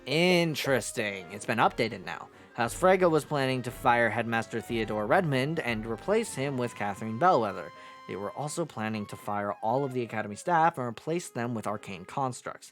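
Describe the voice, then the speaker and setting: A woman's voice: rumbling low, lively intonation, normal speed, faint music behind. A woman streaming a game, chatting casually and mocking herself as she plays, with some swearing. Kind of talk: casual gameplay commentary.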